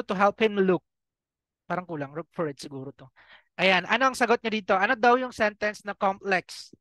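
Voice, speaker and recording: A man's voice: high-pitched, fairly bright tone, dry recording, poor audio. Filipino man, online review teacher, quizzing students, dry close sound. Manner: quizzes students, mixes Tagalog and English. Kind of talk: online exam review class.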